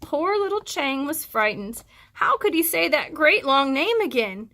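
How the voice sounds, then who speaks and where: A woman teacher reading a storybook aloud to children, stopping for chatty, encouraging asides. Her voice sits high and sounds bright and forceful. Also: very animated, measured pace.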